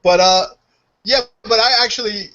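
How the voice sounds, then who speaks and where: New York guy co-host, casual profane chat, bright tense voice, slightly high. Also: moderate pace, muffled recording. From United States. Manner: profane, animated, laughing.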